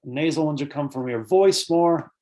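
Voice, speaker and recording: Amid very noisy audio, a man with a slightly high voice talks at normal speed. As a birding author and presenter at an online conference, he explains bird-sound terms with many fillers and answers audience questions between points.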